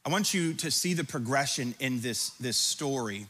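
A pastor preaching a sermon, reading scripture aloud with dramatic emphasis and breaking into conversational asides. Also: male voice, mid-range voice, expressive, moderate pace, bright, forceful tone, husky. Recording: long hall reverb.

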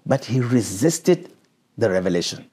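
A man's voice: lowish voice, big pitch swings, moderate pace, mellow, husky. A man preaching and teaching a Bible passage, stopping the reader to explain verses and question her.

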